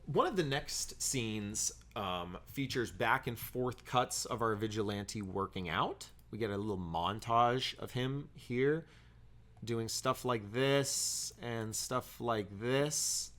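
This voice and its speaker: A man's voice: mid-range voice, takes it slowly, fairly bright tone. A man giving a casual film review, blunt and critical, with frequent "um" fillers and the odd swear word.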